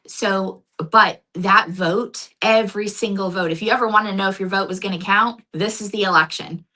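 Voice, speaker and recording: A woman's voice: mid-range voice, steady tone, normal speed, pushed and bright, low-quality recording. A woman running for local office, talking earnestly in a casual interview and telling stories. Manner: earnest, storytelling. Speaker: county commission candidate.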